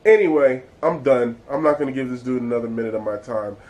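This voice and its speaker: A man's voice: mid-range voice, quick pace, a little mellow, poor audio. A man hosting his own vlog, giving blunt, exasperated and profane commentary. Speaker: vlog host. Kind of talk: casual ranting commentary.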